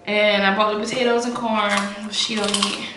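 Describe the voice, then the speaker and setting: A woman's voice: mid-range voice, level tone, moderate pace. A woman guest chatting in a bubbly, giggly way over food, with features, picked up by a distant camera mic. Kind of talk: casual mukbang chat. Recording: echoey room, far camera mic, noisy.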